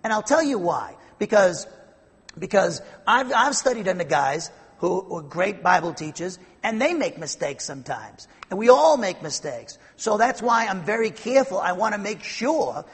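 A man with a high, slightly husky voice teaches a Bible passage verse by verse, emphatic and explanatory, often breaking off and restarting his sentences. He sounds like he is speaking in a large hall with a long reverb trailing behind him. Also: very animated, moderate pace.

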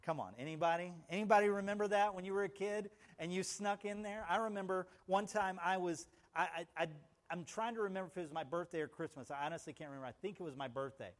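Male pastor, high voice, dynamic sermon delivery, loud peaks and quiet asides, storytelling, calls out to the congregation. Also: quick pace. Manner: dynamic, swinging from loud emphatic phrases to hushed asides; storytelling with audience call-outs.

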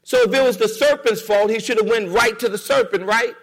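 A man's voice: sits high, brisk, vocal fry, fairly bright tone, in a large hall. A man preaching a sermon in a church, rhythmic and repetitive, calling on the congregation to respond. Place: church sanctuary.

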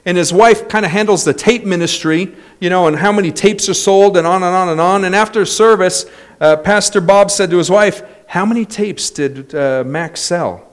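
A man preaching a sermon as a pastor, telling stories and building to loud exclamations. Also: sits high, steady tone, brisk, clear, resonant tone. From United States.

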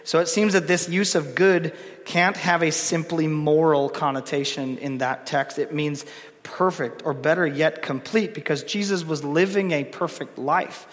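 A man preaches in a relaxed, talky way, laughing now and then and acting out the quoted lines of scripture. His voice sits a little high for a man. It rings out with the long reverb of a big hall. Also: a little slow. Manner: conversational, laughs, dramatic reading of quotes. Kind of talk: sermon with scripture reading.

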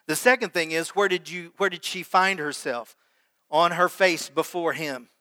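A man's voice: on the high side, moderate pace, bright, forceful tone, smooth. A man preaching a sermon as pastor, talking conversationally and putting questions to his congregation. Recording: long hall reverb.

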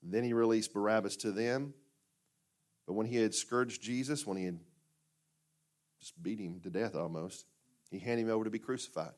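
A man preaching a sermon as pastor, talking plainly and conversationally, then breaking into sudden loud bursts. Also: on the low side, normal speed, pauses often. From United States. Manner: conversational and plainspoken, with fillers and restarts.

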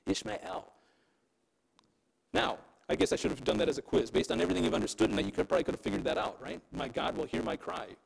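A man's voice: high-pitched, sing-song, fast, gravelly, poor audio. A man preaching a sermon in a conversational way, often checking in with his listeners. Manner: conversational preaching, keeps asking "right?". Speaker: pastor.

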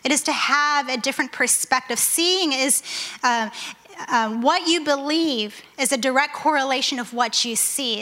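A woman's voice: high voice, moderate pace, bright, forceful tone. A young woman giving an earnest, conversational sermon with a personal testimony, speaking with frequent fillers. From United States. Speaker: occupational therapist giving a testimony.

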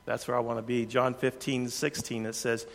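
A man preaching a sermon, earnest, shifting his pace and loudness for emphasis. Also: medium pitch, level tone, normal speed. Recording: long hall reverb.

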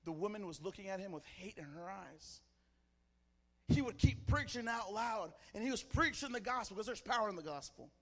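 A male pastor preaching a sermon with passion, telling a story and rising to shouts. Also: high-pitched, lively intonation, moderate pace, long reverb tail.

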